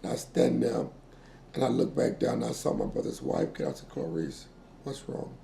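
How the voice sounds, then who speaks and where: A man in his sixties being interviewed, telling a painful family story with quoted dialogue and halting repeats. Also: low-pitched, wildly swooping pitch, gravelly, mellow. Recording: echoey room with faint noise.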